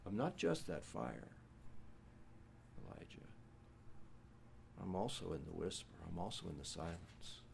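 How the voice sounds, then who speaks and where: A man voicing a gentle, patient divine figure in a hushed, tender tone. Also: low voice, very animated, unhurried, gravelly, long pauses, slight background noise, pitched below the performer's own voice, heavily acted.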